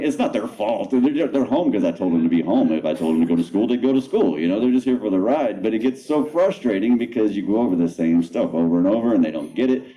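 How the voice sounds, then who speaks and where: This thirties-aged comic's stand-up set is loose and meandering, full of casual profanity and jokes at his own expense, delivered in a relaxed way. He speaks at a medium pitch, and the audio is poor.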